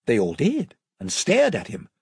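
An audiobook narrator reading a children's fantasy story aloud, expressive and shifting pitch for each character. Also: a little slow, slightly rough, no echo, clean studio sound.

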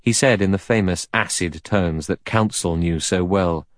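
A man's voice: sits low, normal speed, few pauses, no echo, clean studio sound. A man narrating an audiobook steadily and evenly.

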